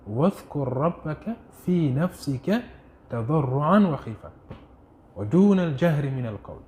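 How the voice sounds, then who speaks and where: A man's voice: mid-range voice, warm tone. Man teaching, keeps asking "what?". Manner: asks rhetorical "what?" questions and answers them himself; recites Arabic quotations rapidly. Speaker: Islamic studies teacher. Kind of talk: classroom lecture with questions.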